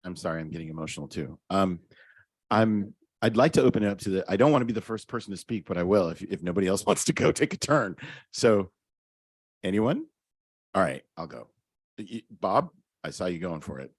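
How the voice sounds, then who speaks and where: Husky, deep-voiced man chairing a meeting. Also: expressive, no room sound. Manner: informal, quick to hand off the floor. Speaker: board chair.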